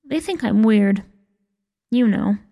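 A woman's voice: medium pitch, expressive, slow, mellow. A woman voicing a timid, mournful young girl witch who whines and sniffles. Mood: wailing. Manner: whiny and sniffling.

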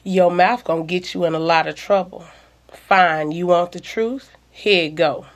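A woman's voice: lowish voice, lightly acted. A woman voicing a cocky, folksy man who drawls and teases in an audiobook story. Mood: teasing. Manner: folksy, teasing, unhurried. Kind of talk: audiobook dialogue.

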